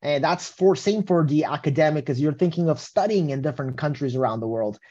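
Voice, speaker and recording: A man's voice: on the high side, a little fast, warm tone. Man, test-prep instructor, casual webinar talk, tag questions, muffled call audio. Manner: casual, tags statements with "right?". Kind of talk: webinar presentation.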